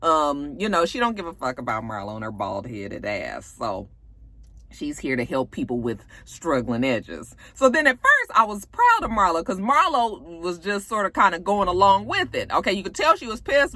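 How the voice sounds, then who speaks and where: A woman's voice: on the low side, sing-song, normal speed, sharp tone, dry recording. A woman recapping a reality show in casual chat, sassy and profane, acting out quotes. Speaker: TV recap vlogger.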